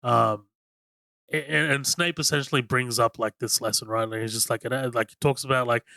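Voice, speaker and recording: A man's voice: mid-range voice, fairly even intonation, brisk, creaky, sharp tone, dry recording. A man co-hosting a casual film-review podcast, rambling enthusiastically with lots of "like" and cheerful swearing. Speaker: podcast co-host.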